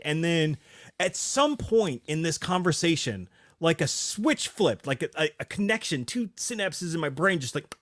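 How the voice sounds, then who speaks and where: A middle-aged man in his forties, co-hosting a podcast and telling a profane, animated story in casual chat. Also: fairly high pitch, normal speed, dry recording, studio quality. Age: 40s. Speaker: podcast co-host.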